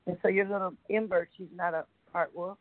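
A man's voice: sits high, steady tone, no echo. A man hosting a call-in radio show, chatting casually and reading a poem aloud in a rambling, giggly way. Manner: giggly, rambling, reads haltingly. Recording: tinny phone line.

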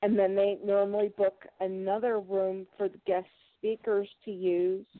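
A woman's voice: mid-range voice, little pitch movement, moderate pace, a little hiss or hum. A woman co-hosting a casual chat, explaining things hesitantly with fillers. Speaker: co-host. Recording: tinny phone-like line.

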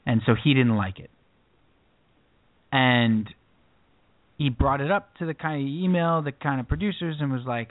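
A man's voice: mid-range voice, normal speed, long pauses, no echo. A man co-hosting a podcast, telling a story in casual chat with lots of restarts. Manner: rambling storyteller with many restarts. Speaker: podcast co-host. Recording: dry phone-like lo-fi sound.

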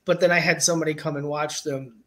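Speaking fast in a voice on the high side, a forties-aged music manager shares anecdotes as an interview-show guest. He's casual and animated, breaking into laughter often.

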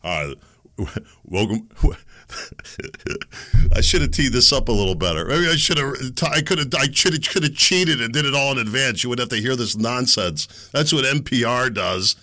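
A man hosting his own podcast, talking in a chatty, self-deprecating way with quick asides. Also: medium pitch, expressive, bright, forceful tone. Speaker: podcast host. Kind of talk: casual monologue.

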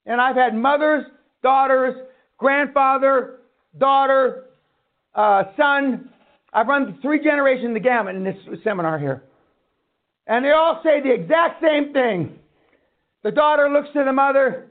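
A man lectures a seminar crowd in a blunt, profane rant, hammering his points home. His voice sits very high for a man. The sound is thin and narrow, like a phone line. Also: a little slow, long pauses. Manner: blunt, swearing, ranting. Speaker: seminar speaker.

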